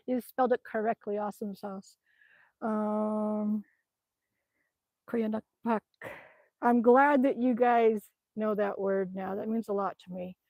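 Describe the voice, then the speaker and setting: A woman's voice: medium pitch, darkish tone, dry recording. A woman chatting casually with viewers on a livestream, reading comments, laughing often and muttering to herself. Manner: chatty, laughs often, mutters to herself while tapping through her screen. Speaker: vlogger reading live chat comments.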